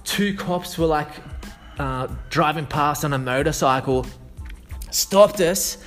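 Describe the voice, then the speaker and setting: Rambling, foul-mouthed man, higher-pitched voice. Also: takes it slowly, fairly bright tone, soft background music. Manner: loose and rambling, swears freely, many fillers and restarts. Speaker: sales consultant. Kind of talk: casual storytelling.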